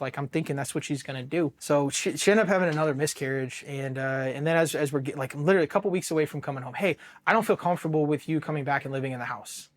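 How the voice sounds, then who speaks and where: Blunt, profane American man, higher voice. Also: fast, few pauses. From Ohio, United States. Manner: blunt, profane, with many restarts and quoted dialogue. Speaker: Marine veteran guest. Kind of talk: personal story in an interview.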